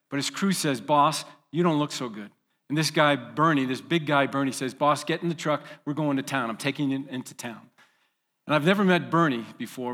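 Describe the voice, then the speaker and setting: A man's voice: mid-range voice, fairly bright tone, in a large hall. A man preaching as a pastor, vividly telling a long story with fillers and restarts. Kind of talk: storytelling sermon.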